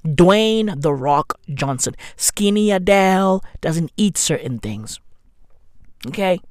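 Slow, slangy man ranting. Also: high voice, lively intonation, dry recording, clean studio sound. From London. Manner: slangy, sardonic rant with mock apologies. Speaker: comedian and podcaster. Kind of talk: profane comedic monologue. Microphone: new studio microphone.

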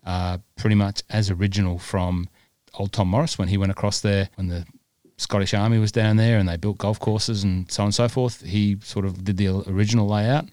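A man's voice: fairly low pitch, fairly even intonation, fairly quick, darkish tone, no echo. A man co-hosting a podcast in casual chat, rambling along with plenty of fillers. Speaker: podcast co-host.

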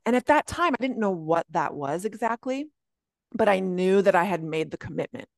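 A woman guest coach talking earnestly on a podcast, often jumping into a high voice when she quotes her own thoughts. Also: normal speed, creaky, dry recording, studio quality. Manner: earnest, animated, often slipping into high quoted self-talk. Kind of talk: reflective podcast conversation.

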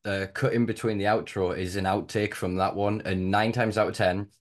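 A man's voice: fairly low pitch, steady tone, normal speed. A man hosting a podcast in casual chat, laid-back and sweary, laughing at his own fumbles. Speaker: podcast host.

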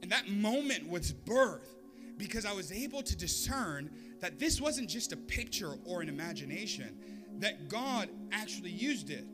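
A man preaching to his congregation, slightly higher-pitched than most men, telling a story and switching into animated voices for the people in it. Music plays clearly underneath his sermon. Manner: storytelling with lively voiced quotes and humor. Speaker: pastor.

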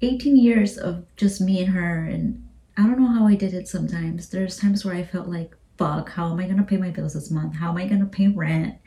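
A single mother in her thirties hosting a podcast, speaking emotionally in a halting, repetitive way, swearing and often dropping to a whisper. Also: on the low side, dark tone. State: emotional, near tears. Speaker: podcast host. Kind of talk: emotional personal podcast monologue.

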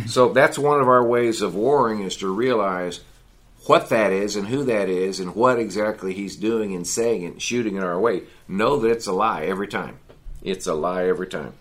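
A man's voice: on the low side, moderate pace. A man teaching a men's Bible study in a folksy, conversational sermon style, often adding "you know" and "see".

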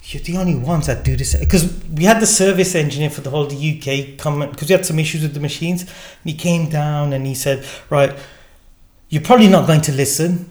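A man, a gin distillery founder, telling a lively story in conversation and acting out the dialogue. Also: brisk. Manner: acts out quoted dialogue with changing pitch. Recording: echoey room.

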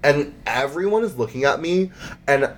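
A man's voice: a little high, lively intonation, normal speed, a little hiss or hum. A man in his twenties hosting a podcast, telling a travel story in a rambling, chatty way full of "like" fillers. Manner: chatty, rambling, heavy use of "like". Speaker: podcast host. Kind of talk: casual storytelling.

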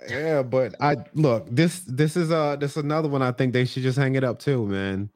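A man's voice: medium pitch, normal speed, darkish tone, dry recording. A man co-hosting a podcast in a laid-back, slangy tone, quoting characters from a reality show and laughing as he goes. His voice sits around the middle for a man, recorded close and dry with no room sound. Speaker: podcast co-host. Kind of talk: casual chat about a reality show.

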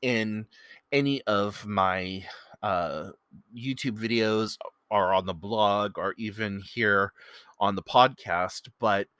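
A man's voice: on the low side, slow pace, fairly bright tone, smooth, no room sound. A man hosting his own podcast, telling a story in a rambling, earnest way with many fillers, close to the mic. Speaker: podcast host. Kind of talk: casual solo podcast storytelling.

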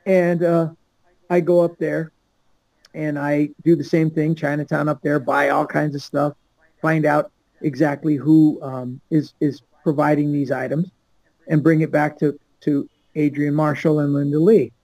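A man's voice: fairly high pitch, little pitch movement, measured pace, vocal fry, darkish tone, dry recording, low-quality recording. An older man from Los Angeles, a podcast guest telling a long story and acting out the people in it. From Los Angeles, USA. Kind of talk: storytelling anecdote.

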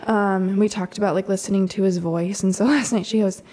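A woman in her thirties, a mother telling a story in a relaxed, chatty way, full of "like" and soft laughs. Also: mid-range voice, fairly quick. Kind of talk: casual storytelling chat.

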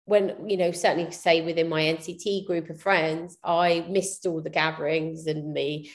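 A woman's voice: low voice, little pitch movement, normal speed. A woman, a business founder talking candidly and reflectively in a casual interview, with many fillers and restarts. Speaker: podcast guest, PR business founder.

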